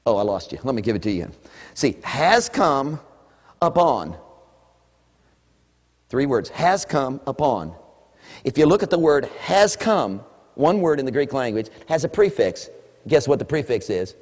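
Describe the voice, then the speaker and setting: A man preaching a sermon with animation. He swings between hushed asides and shouts, and he playfully acts out imagined listeners. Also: mid-range voice, very animated, measured pace, long pauses, long reverb tail.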